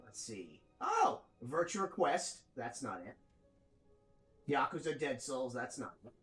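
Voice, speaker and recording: A man streaming a video game from home, chatting casually with viewers, excitable and swearing freely, breaking into loud outcries. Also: mid-range voice, takes it slowly, faint music behind. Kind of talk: casual live-stream chat.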